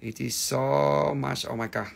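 This livestream host selling rocks and minerals has a creaky, mid-range voice with fairly even intonation, and he takes his time. His talk is loose sales chatter, full of jokes, profanity, and ribbing of the audience.

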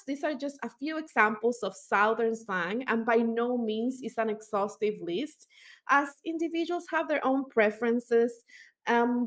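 A woman teaching as an instructor, explaining step by step with fillers and small self-corrections. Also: a little high. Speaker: language instructor.

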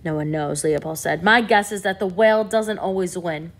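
Excitable male scientist, lecturing tone, voiced by a woman narrator. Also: lowish voice, normal speed, natural voice. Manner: explanatory, lecturing.

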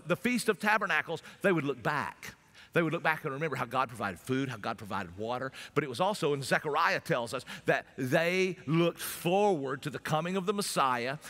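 A pastor preaching a sermon in a conversational way, at times breaking into loud shouts. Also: male voice, sits high. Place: church sanctuary. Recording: long church hall reverb.

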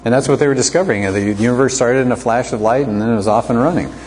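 A man with a mid-range, darkish voice lectures very fast in an apologetics class, keeping it conversational and posing rhetorical questions to students. A slight hiss or hum sits under the recording.

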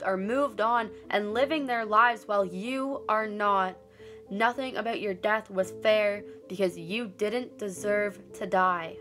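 A teenage girl delivering a spoken-word monologue as a student narrator, in an earnest, deliberate voice heavy with grief. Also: mid-range voice, a bit bright, faint music behind. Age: late teens.

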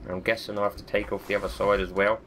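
A gaming video host with a cold speaks fast in a fairly low, flat voice with a fairly bright tone, and there's slight background noise. His let's-play commentary is chatty and self-mocking, and he swears often.

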